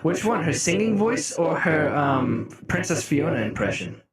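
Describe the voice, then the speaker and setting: A young man streaming live, chatting casually with his viewers, laughing often and breaking into mock-outraged shouts. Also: a little high, big pitch swings, normal speed, crowd noise. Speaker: music streamer. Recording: roomy echo.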